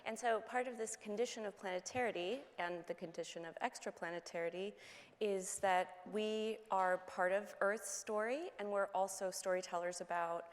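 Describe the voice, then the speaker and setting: A woman's voice: mid-range voice, steady tone, normal speed. Woman moderating a panel in a hall. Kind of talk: panel discussion questions. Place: conference hall. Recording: hall reverb from a conference stage.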